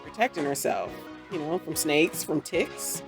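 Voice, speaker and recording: A woman with a low voice that swings a lot in pitch. She talks bluntly, cracks jokes and swears, with a TV show's music playing clearly behind her. The talk is loose and off the cuff. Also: animated, unhurried. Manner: blunt, joking, swears freely. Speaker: host. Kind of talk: casual rewatch commentary.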